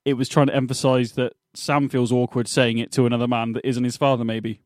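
A man co-hosting a podcast in a loose, casual chat, his thoughts wandering and doubling back as he talks them through. His voice sits at an ordinary middle pitch. The sound is dry and close, with no room around it. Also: flat delivery, brisk, no room sound. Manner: rambling, self-correcting, thinking aloud. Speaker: podcast co-host. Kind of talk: casual chat reviewing a TV episode.

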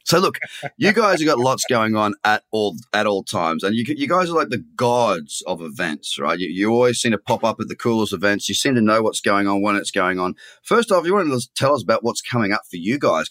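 A man's voice: fairly low pitch, big pitch swings, brisk, fairly bright tone, dry recording. A man hosting a podcast, chatting casually and joking with his guests. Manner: joking, upbeat interviewer. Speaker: podcast host.

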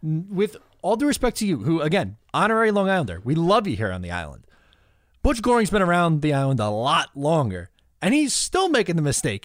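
Lively joking man, dry sound. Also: fairly high pitch, fairly quick, dry recording. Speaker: co-host. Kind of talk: casual podcast chat.

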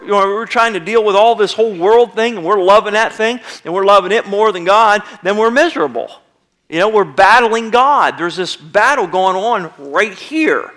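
High-voiced pastor preaching conversationally. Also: male voice, fairly bright tone. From United States. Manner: conversational preaching, acts out little quoted voices. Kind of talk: sermon. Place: church sanctuary.

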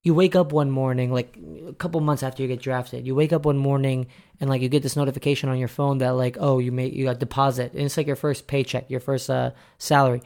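A young man co-hosting a podcast in casual sports chat, rambling and animated with lots of filler words. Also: medium pitch, fast. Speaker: podcast co-host.

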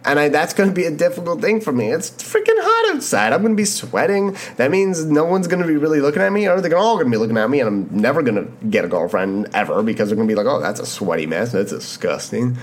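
A man's voice: a little high, big pitch swings, fast talker, few pauses. A man in his early twenties from Canada, giving an impassioned motivational monologue on his podcast, repeating phrases and swearing casually. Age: 20s. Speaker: podcast host.

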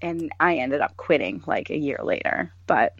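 Animated woman telling a story, muffled sound. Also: low-pitched, normal speed, husky, dry recording. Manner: animated, mimics others in quoted voices. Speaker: podcast co-host. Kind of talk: casual storytelling chat. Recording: dull lo-fi sound.

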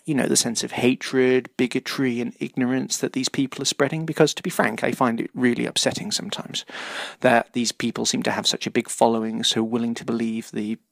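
A man's voice: medium pitch, vocal fry, dry recording. A British man leaving a polite, hesitant voicemail for a podcast, with frequent fillers. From United Kingdom. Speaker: voicemail caller.

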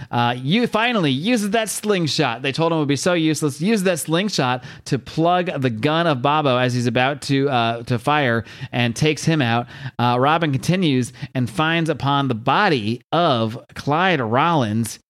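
A man recaps a comic book in a casual, rambling way, full of fillers and restarts. He talks at an ordinary pitch, like a podcast host. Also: unhurried, fairly bright tone.

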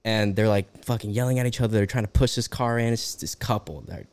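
A young man telling a story in casual chat, animated and swearing freely. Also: on the low side, fast, smooth.

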